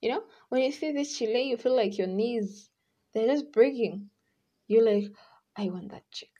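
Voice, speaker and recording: A woman's voice: fairly high pitch, moderate pace, warm tone, highs cut off. A woman hosting a podcast, talking in a casual advice monologue, chatty and acting out quoted voices. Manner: chatty, acts out quoted voices, laughs often. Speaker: podcast host.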